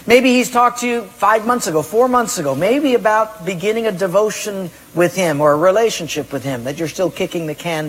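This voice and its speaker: A pastor preaching to his congregation, with a husky, fairly high voice. His words ring out with long reverb in a church hall. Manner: questions the congregation directly, storytelling. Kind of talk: sermon.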